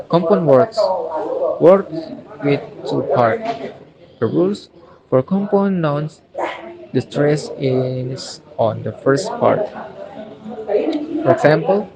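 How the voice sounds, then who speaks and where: A man's voice: fairly high pitch, lively intonation, slow, long pauses, a crowd in the background, poor audio. A young man, a university student from Indonesia, reads a phonology lesson aloud, carefully saying each example word two or three times. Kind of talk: reading a recorded phonology lesson.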